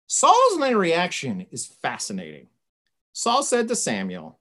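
A woman's voice: rumbling low, wildly swooping pitch, moderate pace, fairly bright tone. A woman teaching a Bible study lesson in a conversational way, retelling the story with frequent asides.

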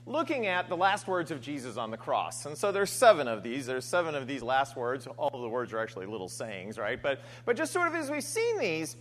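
A man's voice: mid-range voice, big pitch swings, brisk, hardly any pauses, a bit bright. A man preaching a sermon in a conversational way, often adding "right?" and restarting his phrases. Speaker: pastor.

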